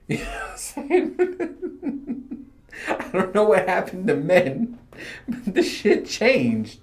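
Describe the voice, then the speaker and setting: Laughing, profane podcast host, slightly high voice. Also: male voice, huge pitch swings, drawn-out words, pauses often, a little mellow. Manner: profane, storytelling, laughing often. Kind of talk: casual rambling monologue.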